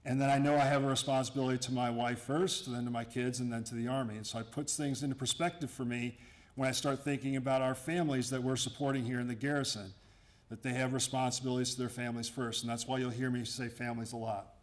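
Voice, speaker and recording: A man's voice: mid-range voice, little pitch movement, fast. A middle-aged man, an Army garrison commander, giving an informal, joking talk to his workforce in a room, full of asides and restarts. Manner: joking and sarcastic; conversational, with frequent asides and restarts. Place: room with an audience.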